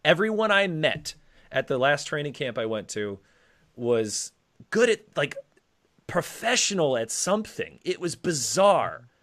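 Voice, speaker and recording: A man co-hosting a casual talk show, animated and rambling, swearing casually. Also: a little high, a little slow. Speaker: co-host. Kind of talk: casual podcast chat.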